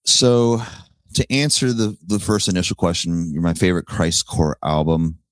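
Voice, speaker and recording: Deep-voiced guy rambling on his podcast, cussing and laughing, dry close mic. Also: fairly even intonation, moderate pace, dry recording. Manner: rambling, profane, laughs at his own jokes. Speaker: podcast host. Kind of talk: casual solo podcast chat.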